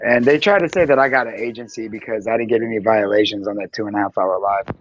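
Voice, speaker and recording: A man on a livestream panel, talking in loud, profane, laughing banter. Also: lowish voice, fast, lo-fi sound. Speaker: panel guest. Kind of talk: casual profane chat. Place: livestream call.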